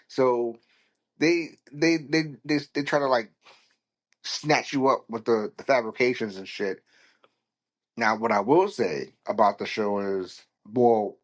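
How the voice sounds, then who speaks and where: A man hosting a solo podcast, talking casually in a rambling, blunt and foul-mouthed way. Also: medium pitch. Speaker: podcast host.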